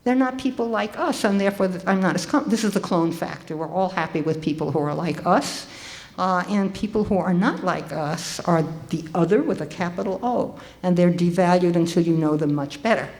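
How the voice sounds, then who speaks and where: In a conference hall, an older woman gives a talk to an audience in a lively, conversational style full of ums and restarts. Her voice is lowish and she speaks a little fast.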